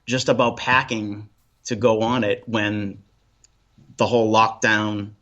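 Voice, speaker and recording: A man from Boston with a Boston accent, chatting as a guest in a relaxed interview, rambling with lots of restarts and ums. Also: fairly low pitch, slow pace, highs cut off. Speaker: paranormal investigator guest. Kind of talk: casual interview chat.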